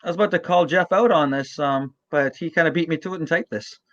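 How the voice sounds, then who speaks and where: A man's voice: fairly high pitch, quick pace, fairly bright tone, no room sound, muffled recording. A man hosting a casual interview, joking and stammering over restarts. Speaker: podcast host.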